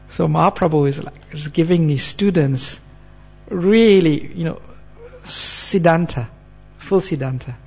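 High-voiced male preacher, earnest. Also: measured pace, gravelly, a little mellow, husky, faint music behind. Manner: earnest, checks in with listeners by asking "hmm?". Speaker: preacher giving a scripture class. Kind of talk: sermon.

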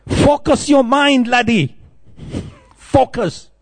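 A man voicing a stern older Scottish male monk in a put-on Scottish accent, giving gruff, scolding commands. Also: extremely high pitch, slow, no room sound, voice pushed up, full character voice.

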